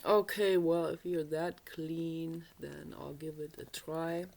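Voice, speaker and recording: A woman's voice: sits low, little pitch movement, slow pace, gravelly, darkish tone, full character voice. A woman voicing a young, grateful fairy-tale princess in a told story. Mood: sweet.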